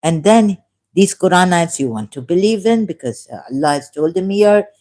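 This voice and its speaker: Woman on a livestream, low mellow voice, halting, keeps correcting herself. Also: expressive. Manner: halting, self-correcting, with frequent laughs. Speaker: livestream host. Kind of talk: unscripted livestream commentary.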